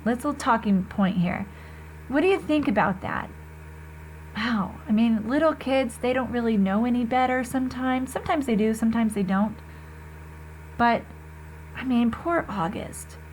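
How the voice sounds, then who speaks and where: Teacher lady reading a book out loud to students, kinda high voice, faint background hiss. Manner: expressive and conversational, addresses students directly. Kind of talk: reading a novel aloud to students.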